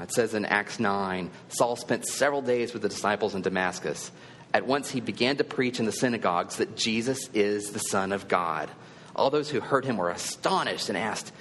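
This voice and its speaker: A man's voice: lowish voice, a bit bright, in a large hall, a little hiss or hum. A male preacher giving a sermon in a conversational, earnest storytelling manner.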